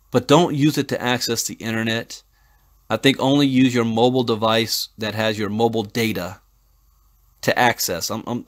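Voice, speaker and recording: A man in his forties hosting a crypto channel. He reads an article aloud and breaks off into rambling, thinking-out-loud asides and stories, with frequent restarts and chuckles. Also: mid-range voice. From United States. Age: 40s. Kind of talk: casual commentary, reading an article aloud and breaking off to tell stories.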